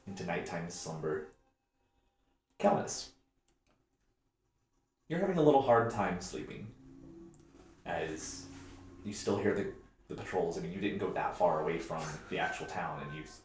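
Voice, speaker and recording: A man narrating a tabletop game as game master, with lively, descriptive storytelling. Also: low voice, moderate pace, pauses often, faint music behind. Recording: echoey room.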